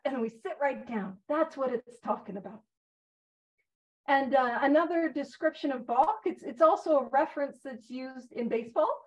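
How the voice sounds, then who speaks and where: A woman's voice: sits high, animated, moderate pace. A woman leading a recovery Big Book study in a casual, joking, self-deprecating way. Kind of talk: casual recovery-meeting teaching. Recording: muffled lo-fi recording.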